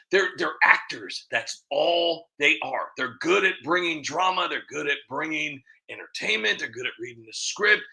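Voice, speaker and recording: A man's voice: a little high, gravelly, sharp tone. A man hosting his own show, talking in a rambling, emphatic way and often repeating himself. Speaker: show host. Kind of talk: casual monologue.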